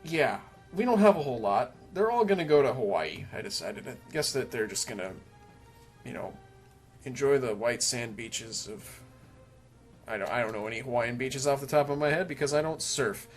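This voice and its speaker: A man's voice: mid-range voice, lively intonation, normal speed, faint music behind. A man casually commenting on a strategy game he is playing, rambling and cracking self-mocking jokes. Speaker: let's play commentator.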